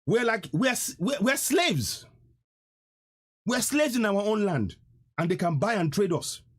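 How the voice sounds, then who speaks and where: A man's voice: high voice, expressive, normal speed. A man hosting a live stream, delivering a fiery, emphatic political rant and repeating lines for effect.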